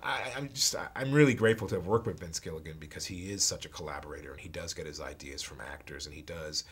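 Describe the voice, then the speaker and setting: A man, an actor, telling a story in an interview, halting and repeating words, sometimes dropping to a hush. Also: a bass voice, breathy edge.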